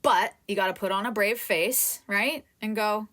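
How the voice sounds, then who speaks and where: A woman acting coach leading a live coaching session, talking straight to a student in an animated way. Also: medium pitch, normal speed. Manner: animated, talks directly to a student.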